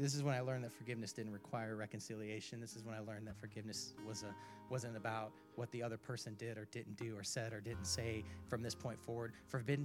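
A man preaching a sermon, telling a personal story in an animated way, with sudden loud bursts and quiet drops. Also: fairly low pitch. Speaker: pastor.

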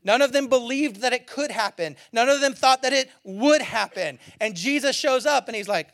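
A pastor giving a sermon as an animated, colloquial storyteller who laughs often. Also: mid-range voice, moderate pace, hardly any pauses.

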